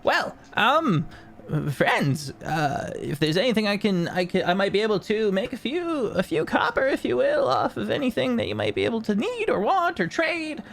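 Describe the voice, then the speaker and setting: A man's voice: sits high, wildly swooping pitch, normal speed, vocal fry, fairly bright tone, slight background noise, pitched above the performer's own voice, heavily acted. A man voicing a jolly, portly half-dwarf tinkerer who sells odds and ends with eager salesman patter.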